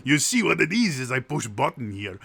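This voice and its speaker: A man voicing a jolly, good-natured male shopkeeper selling magic items, with a cheesy Russian accent and a loud, boastful sales pitch. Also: sing-song, normal speed, gravelly, breathy edge, heavily acted. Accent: cheesy put-on Russian.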